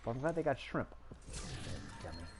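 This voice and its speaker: A man's voice: mid-range voice, normal speed, a little hiss or hum. Rambling man telling stories. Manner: rambling storyteller, laughs often, animated quoted voices. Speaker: gaming streamer. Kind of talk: casual chat while gaming.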